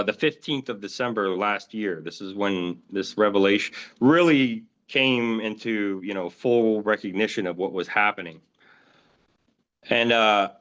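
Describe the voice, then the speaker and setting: A man as an interview guest, recounting his own experiences in a rambling, halting way, full of fillers and restarts. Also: mid-range voice, sharp tone. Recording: dull lo-fi audio.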